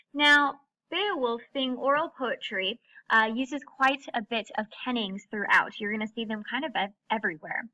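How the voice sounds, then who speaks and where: A woman with a bright, higher voice gives a recorded English lesson, explaining each term clearly. She slows down to read out her examples. The recording sounds dull and lo-fi. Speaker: English teacher. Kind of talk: recorded classroom lecture.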